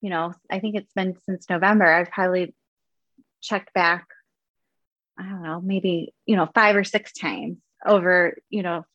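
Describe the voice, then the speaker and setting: A woman's voice: lowish voice, fairly even intonation, measured pace, a bit bright, no echo, muffled recording. A woman guest talking casually about her dogs, chatty with plenty of fillers. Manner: chatty, laughs often, many fillers. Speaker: guest, dog owner. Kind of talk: casual interview chat.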